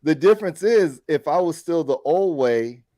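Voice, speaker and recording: A man co-hosting a podcast in casual chat, telling stories with animated, acted-out quotes. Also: a little high, moderate pace. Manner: animated storyteller acting out quoted arguments. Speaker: podcast co-host.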